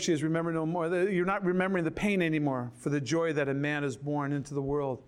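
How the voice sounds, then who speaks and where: An older man delivers a story-filled sermon as a pastor, animated throughout and voicing the people in his anecdotes. For scripture, his tone sinks low and his pace slows.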